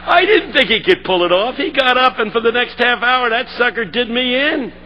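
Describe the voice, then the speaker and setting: A man preaching a sermon, telling a story and building to shouted call-and-response. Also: very high voice, lively intonation, normal speed, muffled recording, slight background noise.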